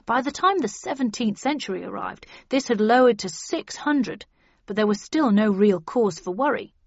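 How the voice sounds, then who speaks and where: An earnest male official in an audiobook lays out his case in a steady, lecturing way, voiced by a woman narrator. The recording is dry and a little dull, with no room sound. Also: a little high, normal speed, creaky, dry recording. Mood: explaining. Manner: earnest, explanatory. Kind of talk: audiobook character reading.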